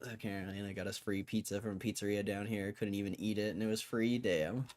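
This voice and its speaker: A young man from Connecticut hosts a livestream, reading out headlines and tossing off wry comments in casual, laid-back chat. His voice is on the low side, steady, fast, and somewhat dark.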